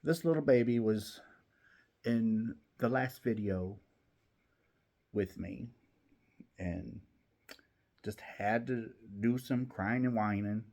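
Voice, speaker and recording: A man's voice: lowish voice, slow, long pauses, a little mellow. A man hosting a knitting channel, chatting casually from home while he knits, rambling with many restarts.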